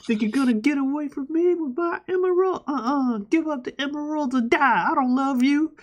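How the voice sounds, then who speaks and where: A man voicing a brash, tough male echidna, rapping threats in a taunting delivery well above his own voice. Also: moderate pace. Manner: rap-like taunting delivery, pitched far up.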